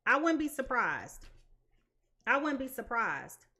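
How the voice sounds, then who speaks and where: A woman's voice: a little high, sing-song, takes it slowly, bright, forceful tone, slight background noise. A woman giving a live tarot reading in a blunt, emphatic way, repeating her points. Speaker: tarot reader.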